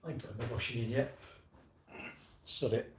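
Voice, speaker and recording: A man's voice: medium pitch, moderate pace, background noise. An English man hosting a livestream, rambling and mocking in casual chat as he reads and answers comments. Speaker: livestream host.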